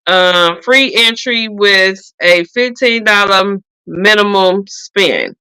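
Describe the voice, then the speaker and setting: Bright, animated woman chatting. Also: mid-range voice, slow pace, clear, resonant tone, no echo, low-quality recording. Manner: animated, laughs often, Southern US slang. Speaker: podcast co-host. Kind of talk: casual chat.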